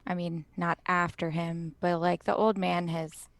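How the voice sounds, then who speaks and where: A woman's voice: on the low side, flat delivery, unhurried. A woman playing a tabletop game, speaking casually and a little hesitantly, with frequent likes and ums. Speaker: player.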